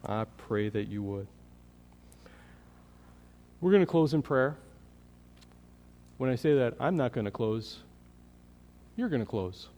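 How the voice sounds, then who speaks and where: A man preaching a sermon as pastor, earnest, building in energy and then dropping to a quiet, prayerful tone. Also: mid-range voice. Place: church sanctuary. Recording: long hall reverb.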